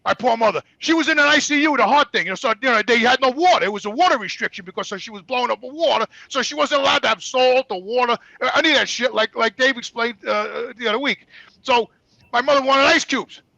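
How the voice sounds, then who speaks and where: High, gravelly, heated man. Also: fast talker, dry recording, muffled recording. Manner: profane, heated, animated. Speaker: guest. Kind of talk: casual storytelling.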